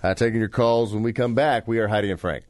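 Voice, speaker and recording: A man's voice: fairly low pitch, fairly even intonation, fast talker, slight background noise. A man co-hosting a radio show, chatting loosely with a guest and reading plugs with punch. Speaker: radio co-host. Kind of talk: radio show chat and promos.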